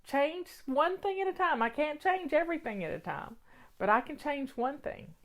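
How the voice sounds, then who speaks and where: A woman's voice: high voice, animated, moderate pace. An older woman with a Southern American accent, hosting a casual, folksy live chat in a chatty, rambling way. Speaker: host.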